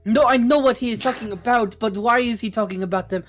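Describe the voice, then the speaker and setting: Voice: medium pitch, soft background music. Teasing tabletop player, mid voice. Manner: teasing, quick retorts. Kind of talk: casual game chat.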